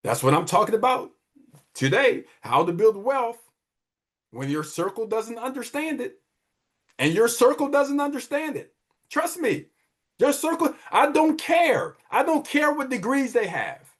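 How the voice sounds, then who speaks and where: Middle-aged male podcast host, emphatic and repetitive, higher voice with lively intonation. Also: normal speed. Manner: emphatic, preachy, repeats phrases for effect. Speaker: wealth advisor and podcast host. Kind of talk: motivational money talk.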